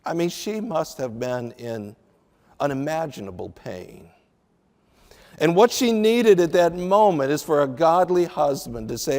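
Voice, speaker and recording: A man teaching a sermon as a Bible teacher, slow and deliberate with emphatic pauses. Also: on the high side, big pitch swings, a little mellow, long reverb tail. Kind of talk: radio sermon.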